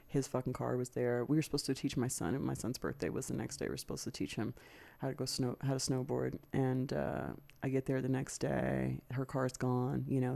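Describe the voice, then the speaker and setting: A woman hosts her own podcast, talking through a personal story with raw, profane anger. Her voice is dark and mellow, with a gravelly rasp that shows through. She vents and rants, now and then mimicking what others said. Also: a bass voice. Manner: profane, venting and heated, with quick mimicry of others. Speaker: podcast host. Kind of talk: candid storytelling monologue.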